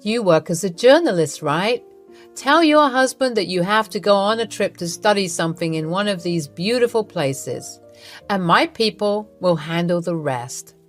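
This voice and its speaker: A woman voicing a sly male suitor who pretends to be a celebrity, with a smooth, coaxing manner in a narrated story. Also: medium pitch, animated, moderate pace, faint music behind, natural voice. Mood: flirty.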